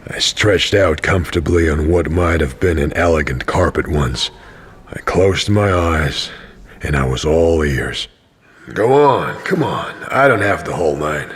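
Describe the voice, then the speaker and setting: A man's voice: very deep voice, lively intonation, breathy edge, heavily acted. A man narrating an audio drama as a tired, cynical wandering pilgrim. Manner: dry, tired, slow narration. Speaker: narrator and main character.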